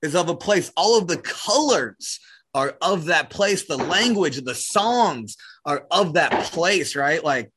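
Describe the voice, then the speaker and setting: A man from New Zealand with a New Zealand accent, talking casually as an interview guest, full of "like" and "right?" and quick to laugh. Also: on the high side, animated, a bit bright, slightly rough. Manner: casual, heavy use of "like" and "right?", laughs easily. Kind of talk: reflective conversational interview.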